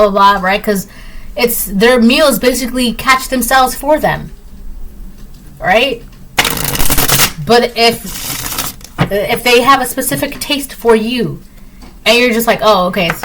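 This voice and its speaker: A woman's voice: on the high side, measured pace, long pauses, noisy background. A woman giving a casual tarot reading to her viewers. She repeats herself often and keeps checking in with "right?". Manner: acts out little voices in her examples. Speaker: tarot reader.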